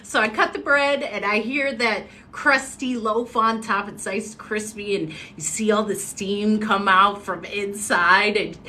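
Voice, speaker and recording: Animated woman telling a story. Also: mid-range voice, measured pace, few pauses, a little hiss or hum. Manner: animated, expressive, acts out quotes. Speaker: motivational speaker. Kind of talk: casual storytelling on a livestream.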